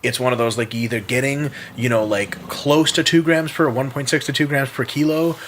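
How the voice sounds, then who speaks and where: A man's voice: mid-range voice, steady tone, normal speed, fairly bright tone, a little hiss or hum. A man from the United States, a podcast guest in casual chat, blunt and jokey, swearing freely. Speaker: podcast guest, sports scientist.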